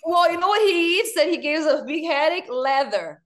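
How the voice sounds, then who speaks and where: Brazilian-accented woman guest, fairly high voice, chatty and animated. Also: moderate pace. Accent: Brazilian Portuguese. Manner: animated, laughs often. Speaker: podcast guest. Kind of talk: casual chat.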